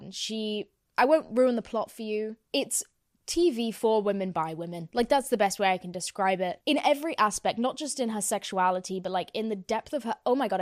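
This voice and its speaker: A woman's voice: medium pitch, a little mellow, no room sound, studio quality. A young woman hosting a podcast, rambling through a casual, profane, self-mocking rant. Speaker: podcast host.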